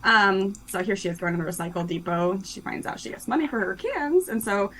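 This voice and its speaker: Poor audio with a little hiss or hum captures a guest talking about the children's book she co-wrote. She's young, casual, and upbeat, leaning on fillers like "um" and "like," her mid-range voice sing-song, fairly quick, and a bit bright.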